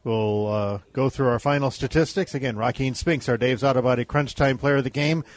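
A man hosting a postgame high school football radio show, brisk and leading the talk. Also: steady tone, no room sound. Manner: brisk, leads the segment. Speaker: play-by-play radio announcer.

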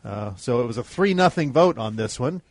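A man hosting a postgame high school football radio show, brisk and leading the talk. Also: lively intonation, no echo. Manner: brisk, leads the segment. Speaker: play-by-play radio announcer.

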